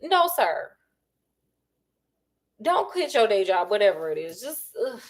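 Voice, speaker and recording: A woman's voice: medium pitch, very animated, unhurried. A woman, chatting while she cooks and gossiping about reality TV in a sassy, dramatic way. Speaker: cooking vlogger. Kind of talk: casual chat while cooking.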